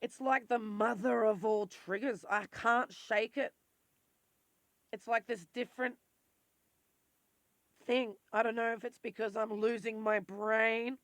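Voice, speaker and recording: A woman's voice: on the high side, fairly even intonation, measured pace, long pauses, no echo. A woman talking in a raw, emotional confessional vlog and swearing freely. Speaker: vlogger.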